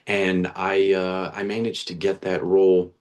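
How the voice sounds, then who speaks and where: A man's voice: sits low, completely flat delivery, a little slow, a little mellow. A young man, a guest actor, telling his story in a casual interview, earnest and chatty, with lots of restarts and slang like "dude". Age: young adult.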